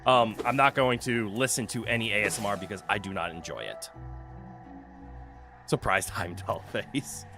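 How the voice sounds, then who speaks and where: A man's voice: lowish voice, lively intonation, normal speed, creaky, over music. A man streaming a video game in casual commentary, joking, swearing freely and laughing often, into a desk mic with a noise canceller.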